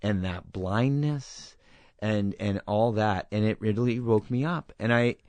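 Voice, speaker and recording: A man in his thirties speaks as an interview guest in a casual, earnest and reflective way, and he acts out the dialogue in his stories. His voice sits fairly low. He is recorded close on a studio mic in a dry room with no echo. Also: a little slow, a little mellow.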